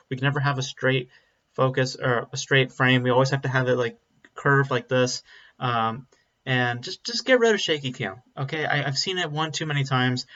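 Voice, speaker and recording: A man's voice: mid-range voice, bright, forceful tone. A man giving a casual spoken film review, blunt and rambling, with frequent ums and restarts. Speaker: movie reviewer. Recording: slightly dull lo-fi audio.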